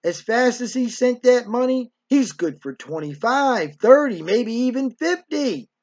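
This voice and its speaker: A man's voice: high voice, expressive, moderate pace, creaky. A man putting on the voice of his pushy, greedy mother, scolding and indignant. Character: pushy, greedy middle-aged mother scolding her son. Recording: dull lo-fi recording.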